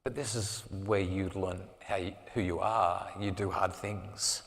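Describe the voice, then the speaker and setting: A man giving a live storytelling talk as a parenting speaker, earnest and dropping to a soft hush at emotional moments. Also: low voice, fairly even intonation, a little slow, vocal fry. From Australia. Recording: long reverb of a hall.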